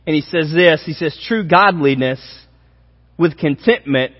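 A man's voice: a little high, unhurried, slightly rough. A man preaching a sermon as pastor, speaking directly and emphatically to his congregation. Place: church auditorium. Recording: dull sound with long hall reverb.

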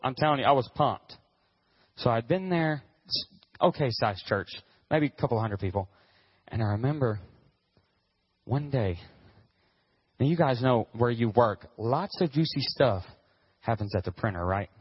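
Animated male pastor telling a story. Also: mid-range voice, moderate pace, long pauses, breathy edge, no room sound, dull audio. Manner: animated, acts out quotes, whoops with excitement. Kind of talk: storytelling sermon.

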